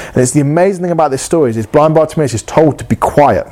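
A man's voice: on the high side, very fast, hardly any pauses, darkish tone. A man preaching a sermon in an earnest, passionate way, often repeating and restarting his phrases.

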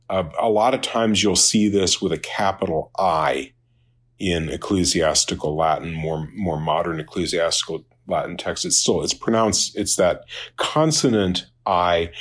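A man teaching a Latin lesson in an unscripted lecture, halting with many fillers and restarts and dry asides. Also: deep voice. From Minnesota, United States.

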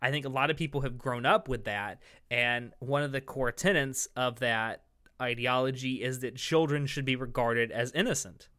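A man's voice: mid-range voice, moderate pace, pushed and bright. A young man co-hosting a podcast, earnest and hedging, often restarting to rephrase his point. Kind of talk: casual debate chat.

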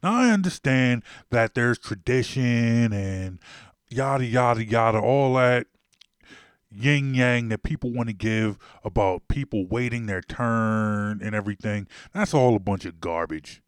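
A man's voice: mid-range voice, unhurried, clean tone, dry recording, studio quality. A man hosting a casual sports podcast, emphatic and worked up, repeating himself for stress. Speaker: podcast host.

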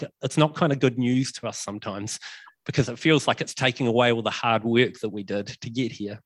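A man's voice: medium pitch, no echo. Man preaching a casual sermon. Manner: conversational, many ums and fillers, emphatic repetitions.

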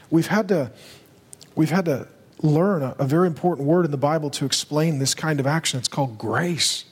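A male pastor preaching a sermon with urgency, driving home his points and rising to loud, emphatic peaks. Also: fairly high pitch, breathy edge. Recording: long reverb of a large hall.

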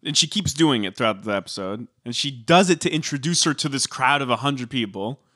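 A man co-hosting a casual chat, animated and opinionated. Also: mid-range voice, fairly quick, dry recording, studio quality. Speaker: podcast co-host. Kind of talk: casual chat recapping a reality show.

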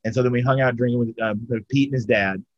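A man's voice: medium pitch, fairly even intonation, fast, no room sound, highs cut off. A man telling a long story in casual, profane chat, full of fillers and restarts. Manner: rambling and profane, with lots of fillers. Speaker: storyteller among friends.

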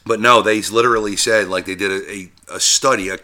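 A man's voice: fairly low pitch, steady tone, a little fast, pushed and bright. A man co-hosting a casual podcast, teasing his partner with laughter and casual swearing. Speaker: podcast co-host.

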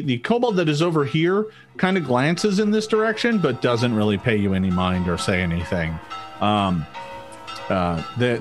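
A man narrating as game master of a tabletop game, hesitant and full of restarts. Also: mid-range voice. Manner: hesitant, many ums and restarts.

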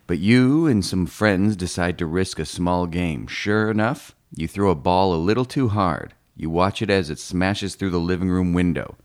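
Deep voiced guy reading a funny book aloud, deadpan and playful. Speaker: audiobook reader. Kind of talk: comic scripted narration.

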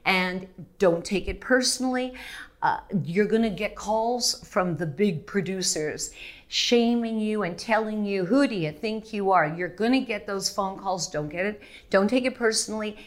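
A woman's voice: mid-range voice, measured pace. A middle-aged woman from Montreal, a guest speaking frankly and with animation in an interview, often laughing and restarting her sentences. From Montreal, Canada. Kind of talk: candid interview conversation.

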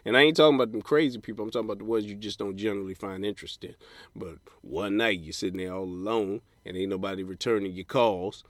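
A man's voice: on the low side, steady tone, fast talker, dry recording. A man hosting a podcast, giving blunt, profane dating advice in a comedic solo rant and mocking people in put-on voices. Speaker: podcast host.

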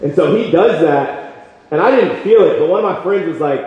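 A man's voice: on the high side, expressive, a little fast, a little mellow. Passionate young man preaching in an echoey hall. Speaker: campus retreat speaker. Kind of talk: sermon with personal story. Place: large hall at a retreat. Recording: echoey hall, dull sound.

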